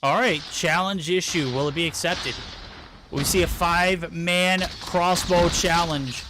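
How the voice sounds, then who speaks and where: A man giving esports play-by-play commentary with quick, excited calls on a headset mic. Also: on the high side, noisy background. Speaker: esports caster. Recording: game sound effects under the voice.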